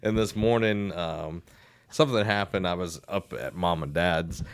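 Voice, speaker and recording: A man's voice: deep voice, a little slow, clean tone, no echo. A young man with a Southern American accent, chatting as a podcast co-host and telling rambling stories with lots of fillers and easy laughs. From Southern United States. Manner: rambling storyteller, many fillers, laughs easily. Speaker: podcast co-host and school band director. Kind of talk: casual podcast chat.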